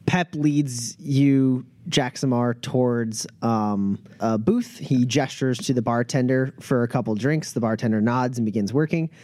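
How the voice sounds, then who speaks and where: A male game master narrates a tabletop game, halting and full of filler sounds. His tone is dark and mellow. The recording is close and dry. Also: medium pitch, no room sound.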